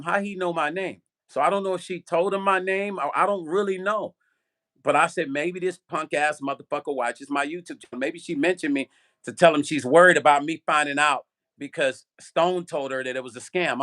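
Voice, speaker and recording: Animated, profane older man telling a story. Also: fairly high pitch. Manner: animated, profane, talks straight to viewers. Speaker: vlog host. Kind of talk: casual livestream storytelling.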